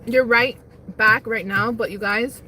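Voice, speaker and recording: A woman's voice: fairly high pitch, steady tone, a little slow, pushed and bright, slight background noise. A young woman hosting a casual livestream on her lunch break, rambling while she eats and reads chat. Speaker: livestream host. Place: parked car on lunch break.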